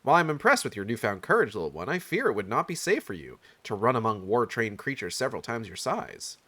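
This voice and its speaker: A man's voice: medium pitch, big pitch swings, quick pace, a bit bright. A man reading game dialogue aloud, voicing a courtly official who speaks in a formal, old-fashioned way. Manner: stately, archaic phrasing.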